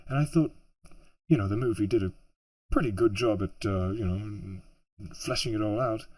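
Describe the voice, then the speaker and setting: A man's voice: lowish voice, normal speed, a little mellow. A man who produces audiobooks, rambling casually through interview answers with many fillers and restarts.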